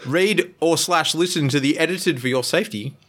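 A man's voice: on the high side, moderate pace, fairly bright tone. Teasing man hosting a game. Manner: playful, teasing, laughs often. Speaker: game show host. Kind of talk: casual podcast chat.

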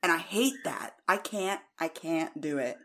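A woman's voice: sits low, expressive, unhurried, pushed and bright. An American woman co-hosting a podcast in casual chat, speaking frankly and with plenty of opinion. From United States. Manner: frank, opinionated, laughs easily. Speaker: podcast co-host.

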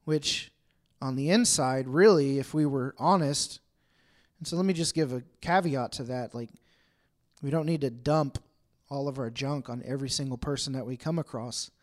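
A man's voice: mid-range voice, normal speed. A man preaching a conversational sermon to a congregation, acting out bits of everyday dialogue as he talks. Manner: chatty, acts out everyday dialogue in asides. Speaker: pastor. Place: room with a congregation.

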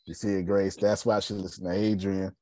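A man hosting a casual podcast conversation, animated and preachy, dropping low and quiet for emphasis. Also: fast, dry recording. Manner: animated, preachy, drops pitch and volume for emphasis. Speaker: podcast host.

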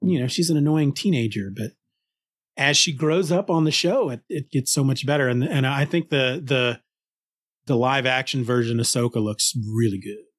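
A man talking casually as a podcast cohost, enthusiastic and lively, often restarting his sentences. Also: mid-range voice, normal speed. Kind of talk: casual conversation.

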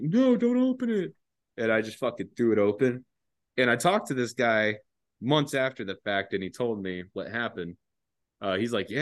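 Young man, lowish voice, laid-back profane storyteller on a podcast. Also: a bit bright, dry recording. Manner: laid-back, laughing often, heavy swearing. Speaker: podcast guest, former enlisted soldier.

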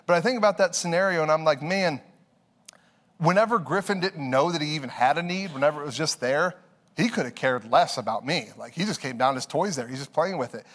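A man's voice: a little high, brisk, fairly bright tone. A man in his thirties preaching a conversational sermon, telling stories with laughs and repeated words. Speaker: pastor. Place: church sanctuary. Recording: long hall reverb.

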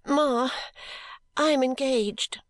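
A tearful young woman begs her mother through sobs, her voice pitched well up as a woman reader puts her on. Her pleas come out shaky and high, against a dry, close sound with no room around it. It is storybook reading. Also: normal speed, darkish tone, no room sound, natural voice. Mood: sobbing, pleading. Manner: sobbing, pleading.

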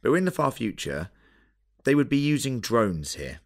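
A man's voice: mid-range voice, sing-song, moderate pace. A man co-hosting a podcast, chatting with enthusiasm about a TV episode, saying "like" a lot. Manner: enthusiastic, says "like" often, swears. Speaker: podcast co-host. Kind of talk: casual chat reviewing a TV episode.

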